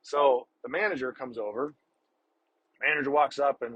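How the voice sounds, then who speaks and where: A man's voice: medium pitch, fairly even intonation, moderate pace, fairly bright tone, breathy edge, low-quality recording. A man hosting a podcast, telling a story in a casual, profane, exasperated way. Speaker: podcast host.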